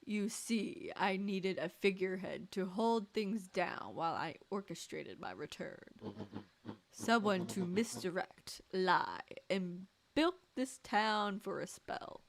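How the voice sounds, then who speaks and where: A woman's voice: mid-range voice, lively intonation, slight background noise. A woman voicing a scheming elderly male villain in a game playthrough, gloating and theatrical. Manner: slow, gloating, theatrical delivery. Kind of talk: video game voice acting on a playthrough.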